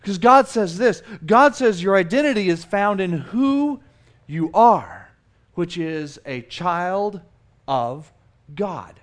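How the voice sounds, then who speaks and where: High-voiced animated pastor, man. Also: slow. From South Texas. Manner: animated and conversational, with self-mocking humor and repeated restarts. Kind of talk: sermon.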